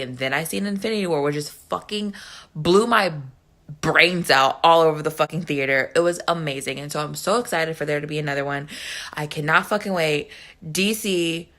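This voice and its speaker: Excitable, profane young woman vlogger. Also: sits low. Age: young adult. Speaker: vlogger reviewing a movie. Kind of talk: casual rant to camera.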